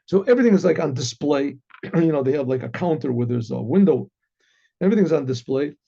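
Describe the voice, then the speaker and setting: A rabbi telling a story, animated and full of quoted voices, who often clears his throat and restarts his words. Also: fairly high pitch, fairly quick. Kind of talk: storytelling talk. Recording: dull lo-fi recording.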